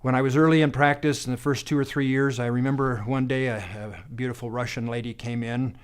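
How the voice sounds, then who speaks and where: A man in his fifties, a doctor, telling stories from his practice in a folksy way, halting often with fillers and restarts. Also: mid-range voice, fairly even intonation, clean tone. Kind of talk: testimonial monologue.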